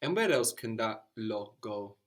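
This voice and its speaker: A man's voice: on the low side, expressive, measured pace. A man teaching a spoken language lesson, patiently guiding a student step by step and praising each answer. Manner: patient, encouraging, explains step by step.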